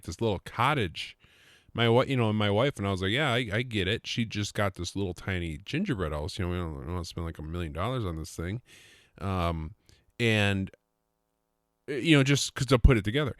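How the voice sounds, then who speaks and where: A man's voice: lowish voice, clean tone, no room sound, studio quality. A man hosting his own podcast, chatting in a rambling, joking way and often cutting himself off mid-sentence. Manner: rambling, self-interrupting, joking. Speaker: podcast host. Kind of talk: casual solo podcast monologue.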